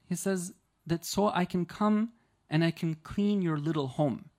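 A man's voice: high-pitched, a little slow, a little mellow. A man giving an Islamic lecture, retelling a story in a conversational way and often checking in with the listeners. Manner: conversational, with frequent rhetorical "right?" checks.

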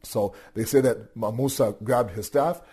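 A man giving a religious storytelling lecture, animated, asking rhetorical questions and repeating his words. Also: mid-range voice, measured pace, husky. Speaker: religious teacher.

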